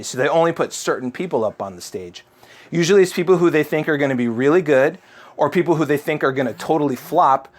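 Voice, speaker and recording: A man, a father, telling an improvised story to his child in a chatty, rambling way with many fillers. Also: medium pitch. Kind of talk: improvised bedtime-style storytelling.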